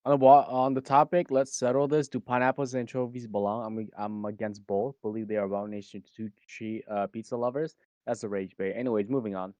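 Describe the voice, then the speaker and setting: A man co-hosts a live stream, joking in a laid-back way and reading out viewer messages. His voice is fairly low. The recording is dry and close. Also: flat delivery, fast, mellow, no room sound. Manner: laid-back, joking, reads chat aloud. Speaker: VTuber streamer and co-host. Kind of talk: casual stream chat.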